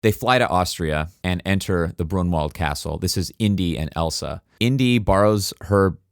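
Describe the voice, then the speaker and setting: In clean studio sound with no echo, a deep-voiced man speaks at a normal speed as he co-hosts a podcast. He walks through a film in casual conversation, animatedly quoting and acting out its scenes while laughing.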